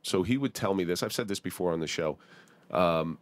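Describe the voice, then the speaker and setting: A man's voice: sits low, fairly quick, no room sound. A man from the Atlantic City area hosting a podcast, asking direct, probing questions and adding personal asides. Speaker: podcast host. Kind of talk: interview questions, casual talk.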